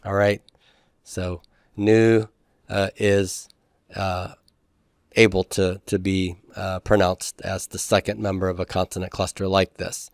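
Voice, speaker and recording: A man's voice: sits low, little pitch movement, a little slow, no echo, studio quality. A man lecturing a class on Greek pronunciation and syllable division, explaining step by step and often checking in with his listeners. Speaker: Greek teacher.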